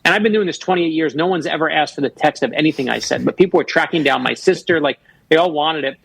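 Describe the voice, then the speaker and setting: A man's voice: a little high, fast, creaky, fairly bright tone, husky, poor audio. A man in his fifties from Florida, a guest author telling personal stories in a radio interview and acting out the voices he quotes. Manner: earnest storyteller who acts out quoted voices.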